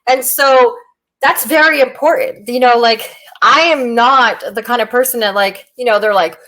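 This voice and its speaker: A woman's voice: on the high side, moderate pace, a bit bright, rough recording. A woman and military veteran chatting casually on a podcast, telling stories bluntly and animatedly with Southern slang.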